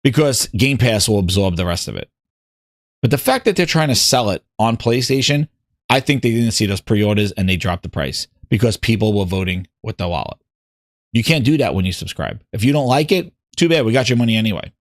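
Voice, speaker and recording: A man hosting a casual gaming talk show, ranting with an animated, sarcastic delivery. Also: lowish voice, brisk, no echo, studio quality. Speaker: host.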